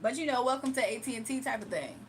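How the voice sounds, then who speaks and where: A woman, hosting a casual livestream as a tarot reader, animated and laughing often as she talks back to her chat. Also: fairly high pitch, fast, slight background noise.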